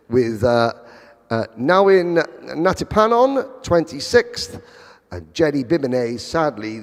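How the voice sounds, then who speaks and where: A man giving live motorsport commentary, chatty with wry asides. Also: mid-range voice. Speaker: race commentator. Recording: long hall reverb.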